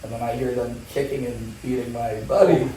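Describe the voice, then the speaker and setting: A man telling a wild story in casual talk, animated and swearing, laughing often. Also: mid-range voice, a little fast, very echoey, distant mic, slight background noise, rough recording. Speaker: guest motorcycle rider.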